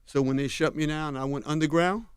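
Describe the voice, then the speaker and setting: An older man from Harlem, unhurried and storytelling as a radio interview guest, often dropping to a low, confiding tone. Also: fairly even intonation, smooth, dry recording. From Harlem, New York. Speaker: guest, fashion designer. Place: radio studio. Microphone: studio mic.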